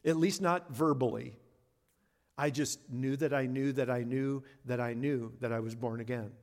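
A man's voice: medium pitch, steady tone, moderate pace, darkish tone. A man pastor preaching a sermon in an earnest, conversational way, leaning on words for emphasis. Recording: long reverb of a large hall.

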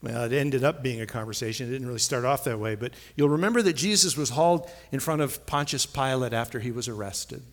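A man's voice: medium pitch, fast talker, few pauses. A man preaching a sermon, stressing key phrases and repeating lines for emphasis. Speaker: pastor.

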